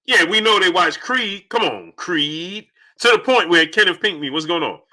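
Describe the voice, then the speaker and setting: A man hosting a casual live stream, greeting chat viewers by name one after another in an animated, rapid-fire way. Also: high voice.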